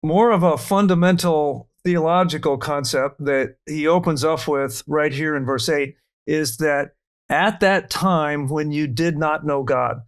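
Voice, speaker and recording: A man's voice: a little high, unhurried, smooth. A man leading a verse-by-verse Bible study, explaining scripture earnestly and reading verses aloud.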